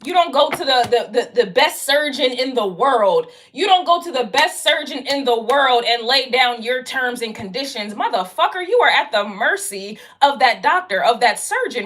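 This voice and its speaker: A woman's voice: high voice, expressive, normal speed, hardly any pauses, fairly bright tone. A woman giving a casual tarot reading, talking straight to the viewer in a blunt, profane, slangy way and hammering her point again and again. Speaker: tarot card reader.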